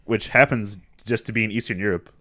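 Lower-voiced man with dry sarcasm. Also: steady tone, fairly quick, fairly bright tone, dry recording. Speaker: podcast co-host. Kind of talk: casual movie review chat.

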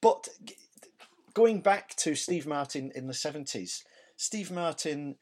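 A man's voice: on the high side, expressive, unhurried, darkish tone. A Scottish man co-hosting a podcast, chatting casually about comedy shows in a rambling way, searching for words and correcting himself as he goes. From Scotland. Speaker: podcast co-host. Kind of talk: casual comedy review chat.

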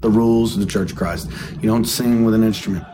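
A man's voice: fairly low pitch, steady tone, quick pace, background noise. A young man, telling his own story in a casual, plainspoken way full of fillers. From East Texas. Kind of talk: personal story told to a radio show. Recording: music playing under the voice.

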